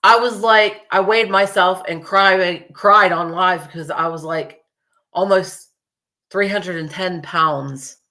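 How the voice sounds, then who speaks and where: Woman, young adult, show host, casual chat, rambling, swears a lot, laughs often, bright forceful voice. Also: lowish voice, slow pace. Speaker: true crime podcast host.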